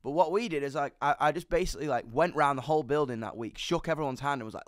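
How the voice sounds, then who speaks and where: A man's voice: on the high side, no room sound, clean studio sound. A young man, telling a story with energy and lots of swearing in an interview. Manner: fast, animated, sweary storytelling. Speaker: musician guest. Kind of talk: candid storytelling chat.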